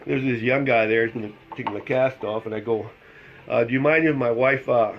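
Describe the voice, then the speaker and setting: A man's voice: medium pitch, fairly even intonation, fairly quick, highs cut off, slight background noise. A middle-aged man chatting casually as he tells a personal story, laughing along and acting out what people said. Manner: chatty, laughs through his story, acts out the dialogue. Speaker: vlogger telling a personal story. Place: at home with his dogs.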